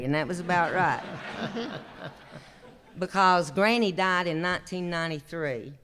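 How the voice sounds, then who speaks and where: A traditional singer and storyteller in his sixties from Appalachian North Carolina tells homespun stories with an Appalachian drawl and frequent chuckles during a live show on an opera house stage. His high voice runs a little slow with long pauses, over a noisy background.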